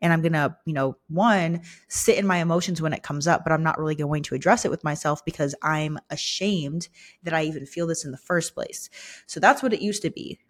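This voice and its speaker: A woman's voice: low voice, a little fast. A young woman hosting a personal podcast, speaking candidly and vulnerably with many fillers, emotional and close to tears. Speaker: podcast host. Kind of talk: personal reflective monologue.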